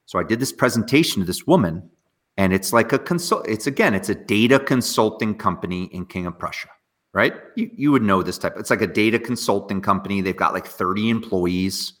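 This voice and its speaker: A man, an entrepreneur guest talking with hyper, fast energy in an interview. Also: on the low side. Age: 40s. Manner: energetic, hyper, talks fast with bursts of excitement. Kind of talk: interview conversation.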